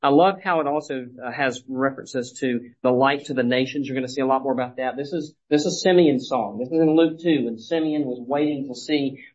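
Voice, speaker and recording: Man, pastor, mid-pitched, teaching sermon, chatty with restarts, muffled audio. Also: brisk, hardly any pauses, darkish tone. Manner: conversational, many restarts, acts out quoted lines. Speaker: pastor teaching a Bible study.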